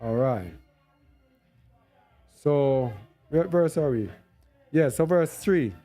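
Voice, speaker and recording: A man's voice: a little high, expressive, takes it slowly, mellow, faint music behind. A man giving an unscripted bible teaching. He thinks aloud while searching on screen and repeats words for stress.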